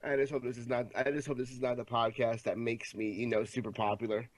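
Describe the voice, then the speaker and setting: A man co-hosting a casual podcast who talks in halting, self-interrupting bursts and keeps trying to steer the topic. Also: mid-range voice, level tone. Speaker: podcast co-host.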